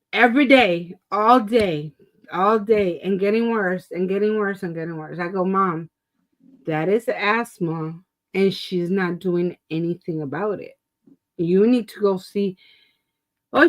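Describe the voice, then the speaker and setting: Speaking at a measured pace in a medium pitch, a middle-aged woman with asthma and COPD co-hosts a casual talk stream. She tells a story animatedly, with plenty of laughter and acted-out quotes. The audio is poor.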